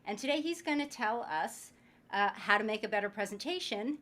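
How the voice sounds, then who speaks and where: A woman's voice: mid-range voice, expressive, fairly quick, a bit bright. Upbeat woman hosting a podcast. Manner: chatty, upbeat, joking introductions. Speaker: podcast host. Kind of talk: podcast interview.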